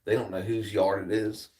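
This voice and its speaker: A man's voice: on the low side, far from the mic. A laid-back man rambling on a livestream. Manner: laid-back rambling storyteller, swears freely. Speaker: livestream host. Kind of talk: casual livestream chat.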